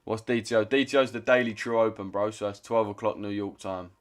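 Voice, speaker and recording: A young man in his 20s with a London accent talks casually to his trading livestream chat. His voice is a little low and steady, his pace fast, and he's blunt, slangy, and swears freely while answering viewers.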